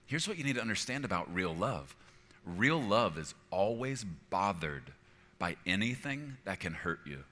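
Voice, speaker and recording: A middle-aged man preaching to his church, his voice very deep yet bright and forceful. He talks earnestly and conversationally, pausing to ask his listeners if they follow. The sound carries a long reverb from a large hall. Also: sing-song. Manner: earnest, conversational preaching with frequent "okay?" check-ins. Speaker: pastor. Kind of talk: sermon. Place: church auditorium.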